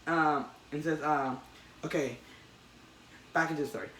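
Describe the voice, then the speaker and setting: A man hosting a casual comic book chat, retelling a story with excitement and many restarts. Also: on the high side, normal speed, far from the mic. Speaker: podcast host. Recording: echoey room, faint noise.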